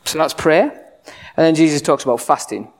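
A man's voice: on the high side, moderate pace. A man preaching a sermon in a conversational, humorous way, full of rhetorical questions. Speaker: pastor.

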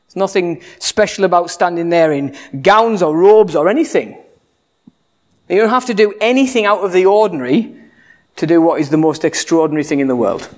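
High-voiced preacher, chatty. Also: male voice. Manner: conversational, humorous, rhetorical questions. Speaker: pastor. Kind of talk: sermon.

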